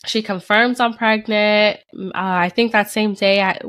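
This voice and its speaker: Animated storytelling young woman. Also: normal speed, clear, resonant tone, dry recording. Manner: animated storytelling, acts out quotes with big pitch jumps. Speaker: podcast co-host. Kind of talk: casual chat.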